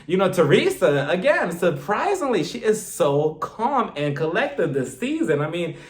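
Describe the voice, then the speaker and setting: A man's voice: high voice, big pitch swings, a little slow. A man giving a casual, gossipy recap of a reality show, chatting with lots of filler words. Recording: echoey room.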